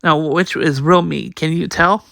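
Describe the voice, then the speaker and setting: A man's voice: fairly high pitch, fairly even intonation, measured pace, gravelly, a bit bright, no echo, studio quality. A man voicing a smug, scheming villain in a manga read-aloud, gloating and boastful.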